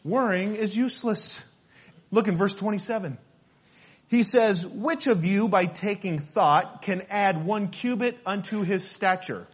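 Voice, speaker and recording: A man's voice: sits high, unhurried, slightly rough. A pastor preaching a sermon, earnest and repetitive, quoting scripture between his own points. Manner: earnest preaching, repeats phrases, quotes scripture.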